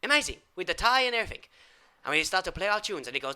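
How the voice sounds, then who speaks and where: A man doing an improvised comic monologue. He rambles absurdly in mock-foreign phrasing and swings from loud outbursts to whispers. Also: high voice, very animated, rapid-fire, clean tone. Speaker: improv comedian.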